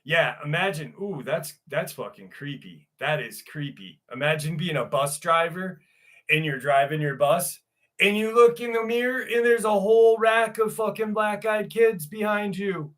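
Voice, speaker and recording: Male livestream host, bright slightly high voice, crude jokey chat style. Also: normal speed. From New York. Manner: jokey, crude, greets chatters by name.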